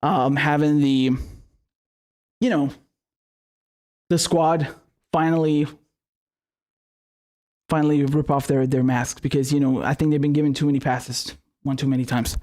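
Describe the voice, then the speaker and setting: A man's voice: a little high, level tone, a little slow, long pauses, a little mellow. A man hosting a live-streamed political commentary show, ranting in a heated, profane way.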